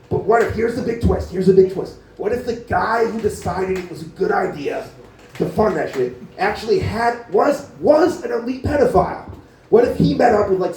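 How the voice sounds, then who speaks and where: A stand-up comic with a high-pitched, warm voice does a rambling, profane set in a small cafe venue, packed with filler words. The mic is far off in an echoey room, and a little hiss or hum comes through.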